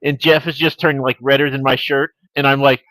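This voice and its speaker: A man's voice: medium pitch, level tone, brisk, sharp tone, no echo, low-quality recording. A man from the United States telling playful anecdotes in a casual chat over a video call.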